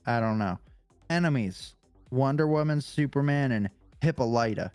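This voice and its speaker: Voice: medium pitch, animated, moderate pace, darkish tone, clear, resonant tone, no room sound, faint music behind. A podcast co-host reading a comic-book character profile aloud, casual and swearing, stumbling over hard names.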